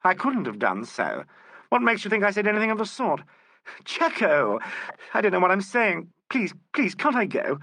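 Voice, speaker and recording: A man reading as a high, panicky stage actress whose voice leaps wildly as she denies everything. The tone is bright and sharp with a breathy edge, like a scared woman near tears, read close to the mic. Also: huge pitch swings, brisk, no room sound, exaggerated voice. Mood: defensive. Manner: pleading, denying, near hysterical. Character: frightened theatrical actress woman, shrill. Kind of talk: audiobook character voice.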